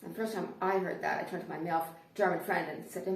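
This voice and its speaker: A woman comedian performing a stand-up routine, telling her stories in an animated way. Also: fairly low pitch, fast talker, vocal fry, a little hiss or hum. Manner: animated storytelling. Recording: roomy, distant mic.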